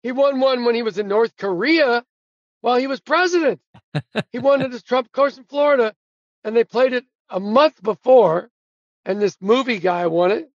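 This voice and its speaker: High-voiced animated male storyteller. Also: normal speed, dry recording, muffled recording. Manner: animated storyteller who acts out quotes and laughs at his own punchlines. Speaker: guest, sportswriter and author. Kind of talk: casual storytelling interview.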